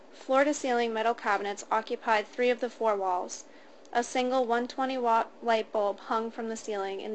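A woman reading a first-person story aloud in a steady, matter-of-fact way. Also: a little high, a little hiss or hum. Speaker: narrator.

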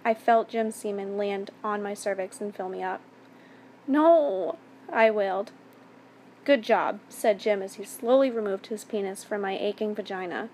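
A woman reading a first-person story aloud in a steady, even narration. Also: medium pitch, normal speed, few pauses, a little hiss or hum.

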